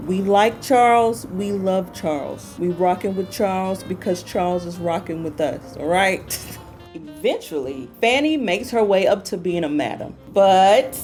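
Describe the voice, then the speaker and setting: A woman's voice: medium pitch, darkish tone. A woman hosting a book talk, retelling a story in a casual, playful way and repeating phrases for emphasis.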